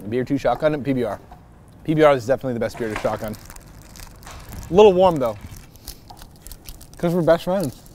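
A man from Chicago chatting casually on a lapel mic outdoors, excitable and profane, with loud bursts and frequent laughs. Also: mid-range voice, fairly quick, pauses often, a little hiss or hum. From Chicago, USA. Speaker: scooter rider interviewed on a filming day. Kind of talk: casual chat while filming. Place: outdoors on city streets.

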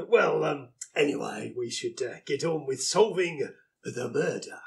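A man doing a blustering, high-voiced bumbling inspector. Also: animated, a little slow, creaky. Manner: blustering, stammering, chuckling at himself. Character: pompous, bumbling male police inspector. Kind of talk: live comedy sketch reading.

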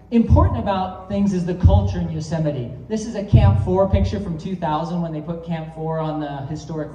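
A man's voice: fairly high pitch, mellow, slight background noise. A man giving a live keynote talk to an audience, casual and storytelling, with many fillers. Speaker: keynote speaker. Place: event hall. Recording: roomy, distant, dull sound.

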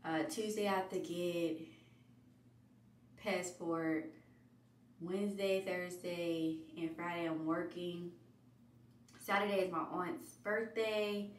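A woman vlogger chats casually in a fairly low voice, rambling through her week and telling animated stories with a lilt. She sounds out of breath, speaks slowly with long pauses, and is far from the mic in an echoey room with faint hiss.

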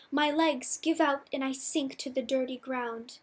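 Slow, high-voiced woman reading a novel. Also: fairly even intonation. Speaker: audiobook reader. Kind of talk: first-person novel reading.

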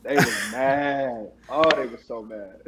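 A man's voice: medium pitch, steady tone, slow, background noise. A man in his forties, a former football player, casually telling a story with slang and frequent laughs. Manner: laid-back, laughs often, slangy.

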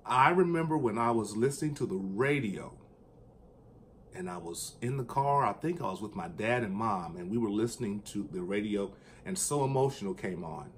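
A man chatting casually and enthusiastically about his record collection, at times singing along in a high falsetto. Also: lively intonation, normal speed, slight background noise. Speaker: vinyl collector vlogger. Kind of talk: casual chat.

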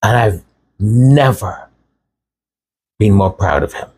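A man's voice: lowish voice, slow, darkish tone, husky. A man hosting a raw commentary monologue, impassioned and sarcastic. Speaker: channel host.

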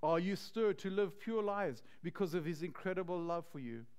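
Earnest preaching man, smooth voice. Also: high-pitched, expressive, a little mellow. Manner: earnest, slow and emphatic preaching. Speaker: pastor. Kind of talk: sermon.

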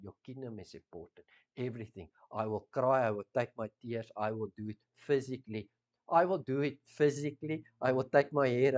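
A man with a South African accent preaching a sermon, swinging from loud emphasis down to hushed intensity. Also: medium pitch, highs cut off. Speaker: pastor.

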